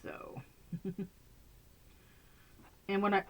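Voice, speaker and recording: A woman's voice: mid-range voice, lively intonation, normal speed, long pauses, dull audio. A woman chatting casually to camera from a bedroom at home, rambling and laughing often. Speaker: vlogger.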